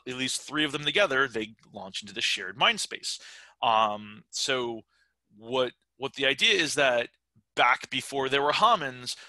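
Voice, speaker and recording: Bright, rambling middle-aged man. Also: medium pitch, no room sound, low-quality recording. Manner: rambling, chatty, full of fillers and restarts. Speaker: podcast guest, writer and game developer. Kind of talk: casual interview chat.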